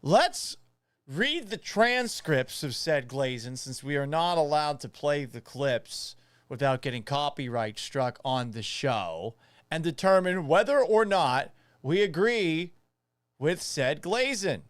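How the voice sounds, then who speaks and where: An opinionated male sports host talks with animated, sarcastic energy. His voice sits a little high and moves around a lot. The studio sound is close and dry. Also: takes it slowly, smooth, no room sound. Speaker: sports radio and podcast host.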